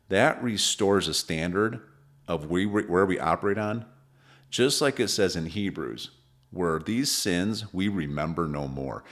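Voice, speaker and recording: A man's voice: low voice, lively intonation, a little slow, a bit bright. A man co-hosting a parenting podcast, talking earnestly and telling stories, often restarting his sentences. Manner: earnest, storytelling with frequent restarts. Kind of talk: casual podcast conversation.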